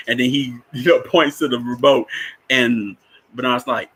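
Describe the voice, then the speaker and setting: Man, casual film talk, bright, chuckles, restarts a lot, mid pitch. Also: steady tone, slow pace, long pauses, breathy edge. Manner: rambling with many restarts, chuckles often. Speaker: spiritual teacher discussing a film.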